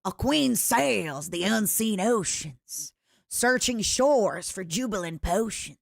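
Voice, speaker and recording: A woman's voice: medium pitch, expressive, creaky, no room sound, clean studio sound, heavily acted. A woman putting on a grand accented poem reciter. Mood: theatrical. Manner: slow, sing-song recitation in a put-on accent.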